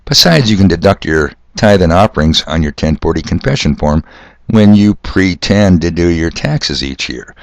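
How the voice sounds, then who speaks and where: A man's voice: deep voice, expressive, normal speed, creaky, no echo. An older man hosting a solo podcast, talking in a sardonic, ranting way. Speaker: podcast host. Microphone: corded mic.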